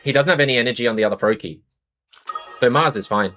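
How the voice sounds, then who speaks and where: A man's voice: mid-range voice, quick pace, over music. A young Australian man streaming a card game, chatting casually with viewers and thinking aloud about his moves. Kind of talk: casual live-stream commentary while playing a card game.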